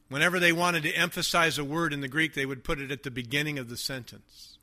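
Slow, bright-voiced preacher. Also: male voice, a little high. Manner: emphatic, repetitive, drops to quiet asides. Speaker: pastor. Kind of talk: sermon.

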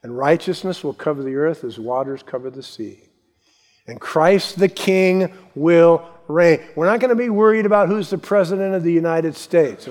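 A male pastor preaching a sermon, building to emphatic lines and then dropping to soft asides. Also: a little high. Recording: long hall reverb.

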